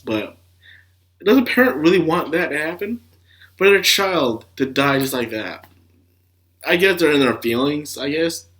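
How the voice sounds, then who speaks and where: Young male anime reviewer, casual and animated, under the weather with a cough. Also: medium pitch. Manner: animated, swears and laughs, acts out scenes. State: sick with a cough.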